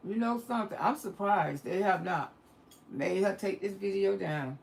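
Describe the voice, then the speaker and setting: A woman hosting a live stream, her voice edged with a rough, gravelly fry. She talks in an expressive, colloquial way and laughs often, sliding easily between chatting and calling out to her audience. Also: mid-range voice, normal speed. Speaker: livestream host. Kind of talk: casual live-stream chat.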